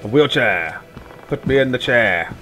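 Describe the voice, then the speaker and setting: A man doing jokey, excitable let's play commentary, yelping and swearing when startled. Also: medium pitch, a little slow, faint music behind. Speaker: gaming channel host.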